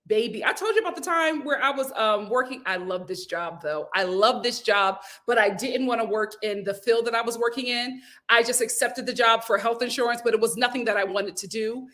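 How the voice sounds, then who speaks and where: A woman's voice: on the high side, a little fast, fairly bright tone. A woman hosting a casual live stream, reading viewer comments aloud and telling a story in a chatty way. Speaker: YouTube host.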